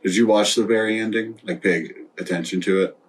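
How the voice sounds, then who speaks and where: Man, stoned, podcast host, rambling, fillers, deep voice, slightly distant mic. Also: fairly even intonation. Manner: rambling, halting, many fillers. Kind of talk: casual chat.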